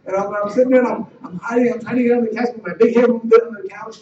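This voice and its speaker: A middle-aged man from the Los Angeles area telling a personal life story in a halting way, repeating words and restarting sentences. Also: sits high, steady tone, darkish tone. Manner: halting, repeats words and restarts, voice rising when retelling tense moments. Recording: roomy, distant, dull and slightly noisy.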